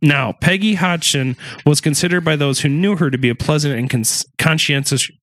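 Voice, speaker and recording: A man's voice: on the high side, moderate pace, fairly bright tone, dry recording. A man casually retelling a haunting story on a podcast, cursing often, joking in asides and stumbling over words. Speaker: podcast host.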